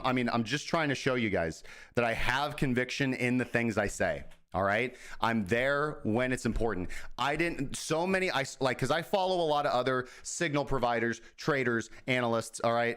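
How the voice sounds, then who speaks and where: A man's voice: medium pitch, brisk, fairly bright tone. Profane, rambling man hosting crypto talk. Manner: profane, rambling, self-mocking. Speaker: crypto trading show host. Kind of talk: casual market commentary.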